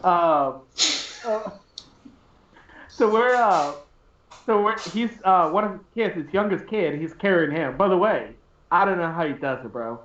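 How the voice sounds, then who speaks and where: A man's voice: sits high, expressive, a little slow, pauses often, a bit bright, slight background noise. A man telling a long, rambling story in casual chat, often laughing and restarting his sentences. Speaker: stream co-host. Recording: roomy, dull lo-fi stream audio.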